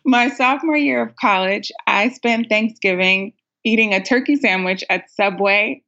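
A woman's voice: medium pitch, moderate pace, few pauses, bright, forceful tone. Young woman caller, casual, self-mocking, laughs a lot; dull lo-fi recording. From United States. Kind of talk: casual storytelling. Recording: dull lo-fi sound.

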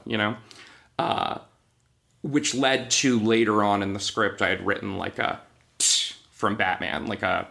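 A man's voice: on the low side, lively intonation, fairly quick, creaky, pushed and bright. A man who writes for TV animation, telling behind-the-scenes stories in a casual podcast interview, acting out quotes and laughing often.

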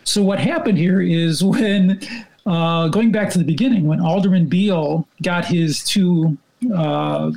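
A man's voice: sits high, unhurried, vocal fry, a little mellow, poor audio. A male reporter explaining council events in casual talk, wry and hesitant with fillers. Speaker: reporter guest.

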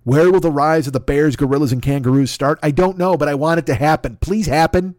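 A man's voice: fairly high pitch, a little fast, darkish tone, dry recording, clean studio sound. A man hosting a comedy podcast, riffing through a profane, rambling monologue and sliding into silly voices. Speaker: podcast host.

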